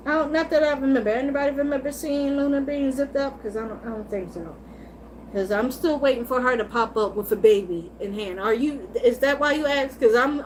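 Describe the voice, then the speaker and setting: A high-pitched woman hosts a casual livestream, answering her chat as she gossips about soap operas. She is animated, swears freely and laughs often. A faint hiss sits behind her voice. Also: poor audio. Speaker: livestream host.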